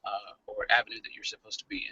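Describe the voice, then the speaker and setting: A man answering a panel question over a video call, reflective and halting, with many fillers. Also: fairly low pitch, flat delivery, sharp tone, slight background noise. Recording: lo-fi web call audio.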